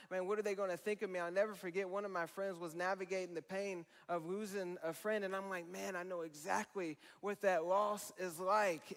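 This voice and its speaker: A man's voice: high voice, in a large hall. A man preaching a sermon to students in a conversational, earnest way, often saying "man" and "let's just be real.". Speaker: student ministry pastor.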